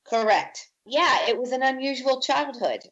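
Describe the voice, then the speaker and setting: In a high-pitched, unhurried voice on a muffled recording, a Virginia woman shares her life story during a podcast interview. She animates it by acting out the speech of people she quotes.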